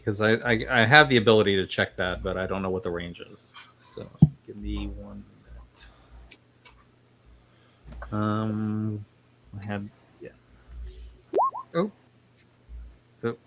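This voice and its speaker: A man's voice: on the low side, fairly bright tone, a little hiss or hum. A man playing a tabletop game, thinking aloud in a hesitant, casual way. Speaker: player.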